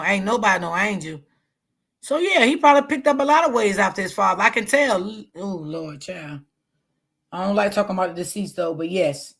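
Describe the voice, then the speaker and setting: A woman's voice: mid-range voice, vocal fry, fairly bright tone. A woman hosting a live commentary stream, talking bluntly and reading her chat aloud. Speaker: commentary livestream host.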